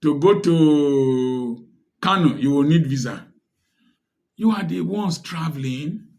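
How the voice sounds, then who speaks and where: A man's voice: fairly high pitch, expressive, takes it slowly, gravelly, darkish tone. A man with a Nigerian English accent giving impassioned commentary, firing off rhetorical questions in a preachy tone. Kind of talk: direct-to-camera social commentary.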